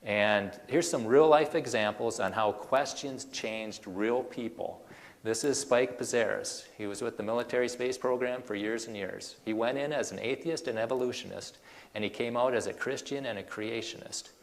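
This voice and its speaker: Gravelly-voiced male speaker, animated and folksy, lots of rhetorical questions, long hall reverb. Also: medium pitch, normal speed. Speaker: creationist speaker. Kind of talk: presentation to an audience.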